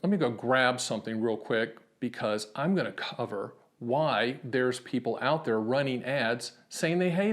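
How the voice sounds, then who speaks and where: An American man speaking straight to camera at a middle pitch. He talks in a brash, punchy salesman style, firing off rhetorical questions and telling stories from his speaking events. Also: fairly bright tone. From United States. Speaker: annuity agent hosting his own video channel. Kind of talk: direct-to-camera explainer with anecdotes.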